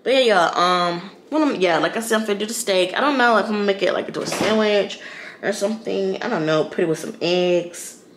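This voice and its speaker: A woman's voice: mid-range voice, a little fast. A woman vlogging casually from her home kitchen, rambling and slangy as she talks to her viewers. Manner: chatty, rambling, slangy, addresses viewers as y'all and girl. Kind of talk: casual chat to camera. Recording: echoey room with background noise.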